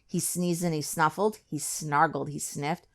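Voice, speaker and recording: A woman reading a rhyming children's book aloud with an expressive, rhythmic delivery. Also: deep voice, unhurried. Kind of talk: read-aloud storytelling.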